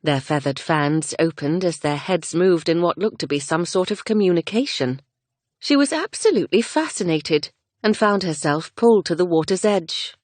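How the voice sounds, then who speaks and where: A woman narrating a romance audiobook in a gentle, measured reading. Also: fairly low pitch, expressive, no echo. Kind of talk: scripted narration.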